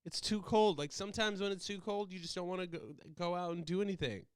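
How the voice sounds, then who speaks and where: A man's voice: sits high, quick pace, clear, resonant tone, no echo, studio quality. A young American man hosting a casual solo podcast, rambling animatedly from topic to topic. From United States. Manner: animated, rambling, jumps into loud silly voices. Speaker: host.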